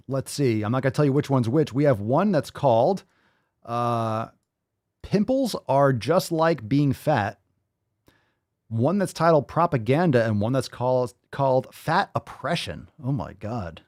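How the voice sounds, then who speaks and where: A man's voice: mid-range voice, animated, moderate pace, dry recording, clean studio sound. A man hosting a livestreamed podcast, ranting with constant profanity and sarcasm while reading viewer comments. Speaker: podcast host. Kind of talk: livestream rant.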